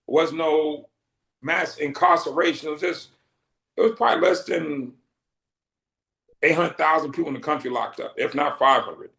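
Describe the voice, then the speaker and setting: A man's voice: fairly high pitch, fairly bright tone. Boston guy in his middle years telling stories, acts out the quotes, echoey room. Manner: vivid storyteller who acts out quoted dialogue. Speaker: interview guest. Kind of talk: casual storytelling in an interview. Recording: roomy echo.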